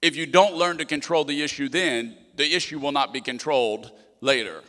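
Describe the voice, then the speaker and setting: A young man preaches with animated energy, acting out the voices in his quotes. His voice sits a little high and rings bright and forceful. The sound hangs in a long hall reverb. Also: moderate pace. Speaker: pastor. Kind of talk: sermon.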